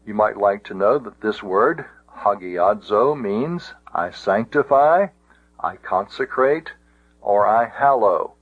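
Slow, low-voiced man teaching a lesson. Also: breathy edge, dry recording. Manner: slow, deliberate, many uh and um fillers. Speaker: Greek teacher. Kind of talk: recorded lesson. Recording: tinny phone-like audio.

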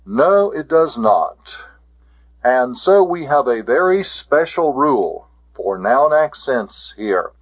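A man teaching a Greek grammar lesson, speaking deliberately and repeating key terms for his students. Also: mid-range voice. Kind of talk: classroom lecture. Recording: dull lo-fi lecture recording.

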